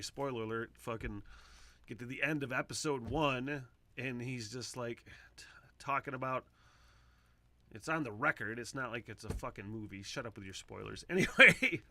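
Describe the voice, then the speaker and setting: This is a man hosting a casual solo podcast, rambling and swearing as he swings between loud excitement and low mutters into a close mic. The recording has no echo.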